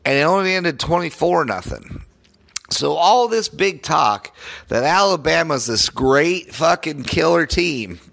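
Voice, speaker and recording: High gravelly man in a cursing rant. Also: very animated, measured pace, fairly bright tone. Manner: profane, heated, sarcastic ranting. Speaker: sports podcast host. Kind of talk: solo sports podcast rant.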